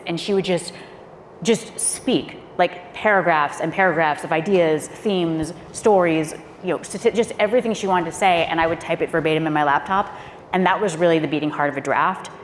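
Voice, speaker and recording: Candid woman panelist, lowish voice, echoey hall, faint room hum. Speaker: former speechwriter on a panel. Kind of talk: panel discussion storytelling.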